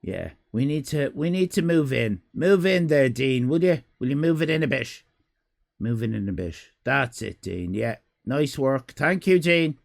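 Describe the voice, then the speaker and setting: Guy on a home stream, gravelly voice, rambles and swears a lot. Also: mid-range voice, expressive, measured pace. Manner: rambling, swearing, self-interrupting. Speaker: livestream host. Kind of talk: casual live-stream chat. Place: home room with cats.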